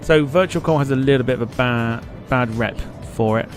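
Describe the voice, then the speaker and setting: A man's voice: medium pitch, a little fast, music in the background. A man hosting a live flight-sim stream, chatting casually, swearing freely and reading comments aloud.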